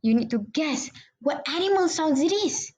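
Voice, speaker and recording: A woman's voice: high voice, lively intonation, normal speed, a little mellow. A young woman giving a mock online grammar lesson, patiently explaining step by step to an imagined class. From Malaysia. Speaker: trainee English teacher.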